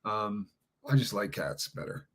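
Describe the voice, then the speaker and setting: A man's voice: on the low side, animated, measured pace, a bit bright, husky. A man co-hosting a casual livestream chat, speaking in a blunt, matter-of-fact way. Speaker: livestream co-host.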